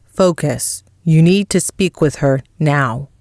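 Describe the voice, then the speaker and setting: A woman's voice: sits low, slow, a little mellow, dry recording, studio quality. A woman voicing a stern middle-aged father who speaks in curt commands. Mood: commanding.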